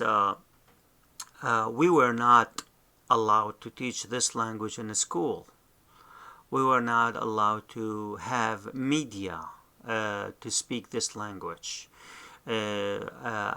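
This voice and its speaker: Slow, halting man teaching a language. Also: fairly low pitch, vocal fry, sharp tone. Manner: slow, halting, many fillers and restarts. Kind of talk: unscripted lesson.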